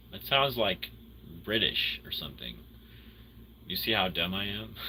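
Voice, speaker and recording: Animated, bright-voiced man rambling casually. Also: slight background noise. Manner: rambling, animated, swings between loud excitement and low mumbles. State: tired. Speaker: livestream host chatting with viewers. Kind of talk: casual livestream chat.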